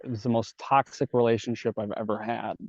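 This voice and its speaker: A man's voice: medium pitch, level tone, brisk, a little mellow, no room sound. A man telling candid stories in a casual, profane way, acting out each side of the conversations. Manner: casual, swears a lot, acts out dialogue. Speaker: podcast guest telling his story. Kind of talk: candid storytelling. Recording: dull dry podcast audio.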